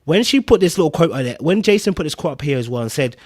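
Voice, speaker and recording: Man, podcast host, slightly high-pitched, emphatic and repetitive, casual commentary. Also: lively intonation, fast. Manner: emphatic, repeats points, keeps checking in with "right?".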